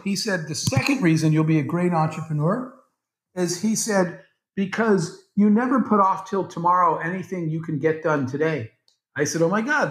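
A man, a guest entrepreneur, tells a story and acts out each line of quoted dialogue. His voice sits a little high for a man. It is recorded in a roomy space that gives it a clear echo. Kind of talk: storytelling in a podcast interview. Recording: roomy, echoey sound.

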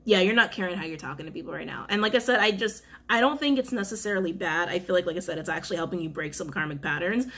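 A woman's voice: mid-range voice, fast, noisy background. Chatty woman reading tarot cards. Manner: chatty, emphatic, repeats phrases, laughs often. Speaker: tarot reader. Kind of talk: casual spoken tarot reading.

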